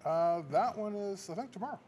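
A man's voice: sits high, brisk, highs cut off, crowd noise. A man, a stock photographer, chatting loosely as an interview guest and rambling a little when unsure. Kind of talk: casual interview chat. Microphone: handheld mic.

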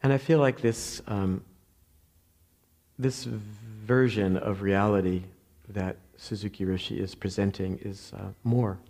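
A man with a New Jersey accent giving a reflective Zen dharma talk, halting with many pauses, fillers and restarts. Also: lowish voice, steady tone, a little mellow. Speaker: Zen meditation teacher.

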